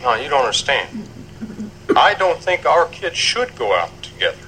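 A man's voice: mid-range voice, sing-song, moderate pace, pushed and bright, rough recording. An actor playing an uneasy businessman father who stands up to a mobster in a TV clip. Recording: TV clip with clear background noise.

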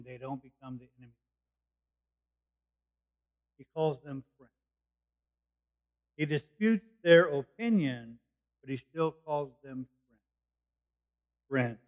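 A man's voice: fairly high pitch, slow, pauses often. A man preaching a sermon, explaining a passage verse by verse in plain, conversational words. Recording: dull lo-fi recording.

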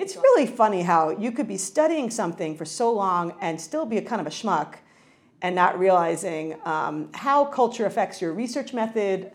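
A middle-aged woman from New York, a researcher answering interview questions in a lively, conversational way, often restarting her sentences. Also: lowish voice. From New York, United States. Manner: animated, frequent self-corrections and restarts. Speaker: cultural psychology researcher.

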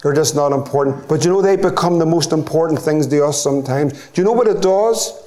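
A man's voice: on the high side, brisk, mellow. A middle-aged man with a Northern Irish accent preaching a sermon as pastor, building to impassioned, repeated appeals.

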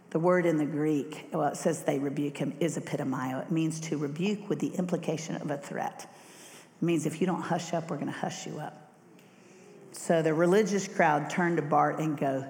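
A middle-aged woman preaching a sermon, telling the story in a lively way and acting out the voices. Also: on the low side, moderate pace. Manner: animated storyteller who acts out voices. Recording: echoey hall reverb.

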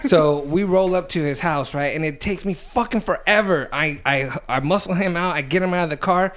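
A man's voice: fairly high pitch, normal speed, a bit bright. A young adult man, a podcast host, telling a rowdy story in casual chat, swearing and laughing as he goes.

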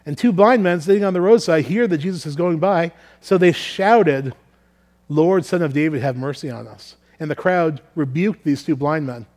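Earnest man preaching, higher voice. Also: normal speed, darkish tone. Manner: earnest, repeats words while thinking aloud. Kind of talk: sermon with scripture reading.

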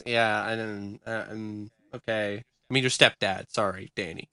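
Bright, dry-voiced podcast host. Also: male voice, lowish voice, steady tone, unhurried, clear, resonant tone, no echo. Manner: candid, swearing, many restarts. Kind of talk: casual podcast chat.

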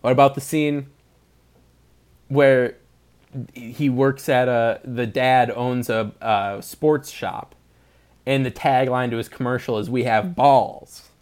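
A man's voice: mid-range voice, fairly even intonation, slow, pauses often, clean tone. A young man hosting a podcast, chatting casually, rambling through jokes and laughing often. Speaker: podcast host. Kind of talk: casual chat.

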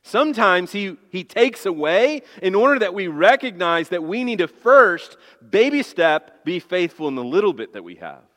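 Pastor guy preaching in a church, kinda high voice, big reverb hall. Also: very animated, moderate pace, few pauses. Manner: emphatic preaching, swinging from soft and low to loud and high. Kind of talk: sermon.

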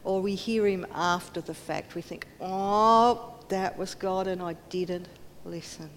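A woman preacher delivers a sermon in earnest tones, acting out quoted voices and sometimes dropping almost to a whisper. Her voice is level and a little mellow at a normal speed, recorded with hall reverb and a faint rumble.

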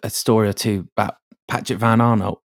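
A man's voice: on the low side, fairly even intonation, fairly quick, gravelly, dry recording, studio quality. A man in a casual football chat, swearing and laughing often. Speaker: podcast co-host.

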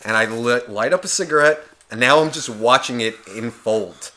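A young man with a bright, forward voice tells a bar story on a podcast. He swears constantly and acts out every line of dialogue, voicing each person in turn. His pitch sits at an ordinary middle level. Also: moderate pace. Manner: profane, animated storyteller acting out dialogue. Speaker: podcast co-host. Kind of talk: casual storytelling chat.

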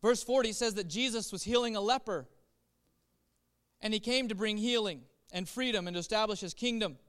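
A man preaching a sermon as pastor, impassioned, swinging between soft reflective passages and loud urging. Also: sits high, a little fast, clean tone.

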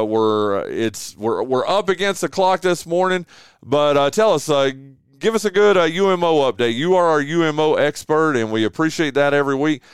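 A man's voice: mid-range voice, clean tone, dry recording, clean studio sound. A man hosting a morning radio show in loose, friendly chat. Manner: loose, friendly, calls people dude.

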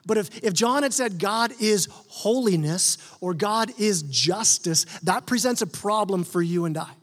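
Male pastor, higher voice, earnest conversational sermon, echoing church hall. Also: lively intonation, a little slow. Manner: earnest, conversational preaching with repeated restarts. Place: church sanctuary.

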